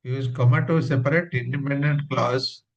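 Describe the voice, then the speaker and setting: A man's voice: medium pitch, fairly even intonation. A man teaching English punctuation in class, repeating example sentences and spelling out each rule. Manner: slow, repeats examples, gives plain rules. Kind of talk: classroom grammar lesson. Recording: dull lo-fi sound.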